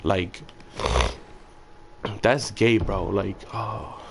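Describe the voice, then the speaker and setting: A man's voice: deep voice, steady tone, drawn-out words, vocal fry. A young man streaming a game, rambling in profane casual chat full of fillers. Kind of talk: casual chat while gaming. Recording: game gunfire noise behind.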